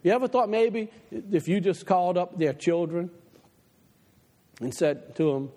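Impassioned preacher in a reverberant hall. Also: male voice, lively intonation, measured pace, pauses often, dark tone. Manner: impassioned preaching, drops low for quoted advice. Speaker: pastor. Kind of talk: sermon. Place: church sanctuary.

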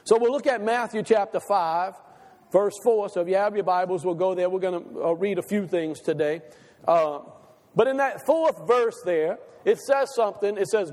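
High-voiced preacher with hall echo. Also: male voice, normal speed, a little mellow. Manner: asks the congregation repeated questions; repeats phrases for emphasis, with frequent fillers. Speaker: pastor. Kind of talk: sermon. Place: church sanctuary.

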